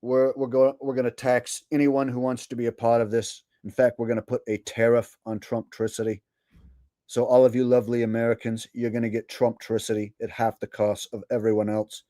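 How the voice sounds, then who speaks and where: A man's voice: medium pitch, flat delivery, a little fast, dark tone, no echo, studio quality, lightly acted. A man doing an impression of a boastful older politician, repeating grand promises in bragging salesman patter.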